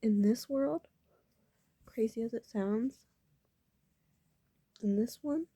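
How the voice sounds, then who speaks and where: A woman vlogger musing softly in half-whispers about personal matters. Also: fairly high pitch, slow, slightly rough. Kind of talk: reflective personal talk.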